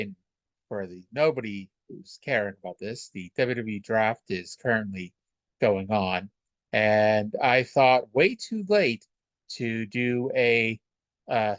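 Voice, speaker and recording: A man's voice: medium pitch, a bit bright, no room sound, muffled recording. A man talks through an old wrestling show in a loose, rambling podcast voice, wry and full of fillers. He sits close to the mic in a dead, dry space. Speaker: podcast host reviewing old wrestling shows. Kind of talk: casual solo podcast recap.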